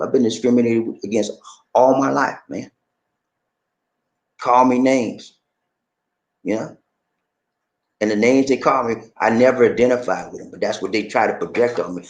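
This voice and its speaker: Emphatic deep-voiced man. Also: reverberant, poor audio. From American South. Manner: preachy, conversational, emphatic. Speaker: commentator. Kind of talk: impassioned personal commentary.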